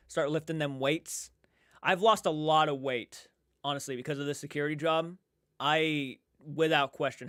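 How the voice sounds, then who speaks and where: A man's voice: a little high, fairly bright tone, no echo, studio quality. A man livestreaming from home, chatting casually and rambling, repeating himself and reading chat aloud. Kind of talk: casual live-stream chat.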